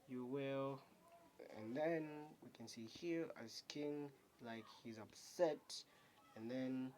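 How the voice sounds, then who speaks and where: A man reviewing his own manga chapter for a video, talking casually in a halting, rambling way full of fillers. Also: medium pitch, darkish tone, slight background noise.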